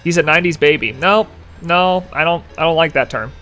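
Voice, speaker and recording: A man's voice: a little high, brisk, sharp tone, soft background music. A young man chatting casually with his live-stream chat, rambling and joking as he reads messages aloud.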